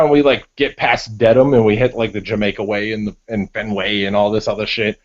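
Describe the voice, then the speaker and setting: A man from Massachusetts telling stories on a group video call, animated and full of swearing. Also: lowish voice, fairly quick, few pauses. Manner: profane, animated storytelling. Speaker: panelist. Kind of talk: casual storytelling on a group call. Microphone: online video call. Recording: dull lo-fi call audio.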